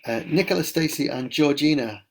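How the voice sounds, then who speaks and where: A man's voice: a little high, brisk, vocal fry. A middle-aged man, a children's author, chatting enthusiastically at home as he answers readers' questions on a live stream. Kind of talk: casual live Q&A. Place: at home during lockdown.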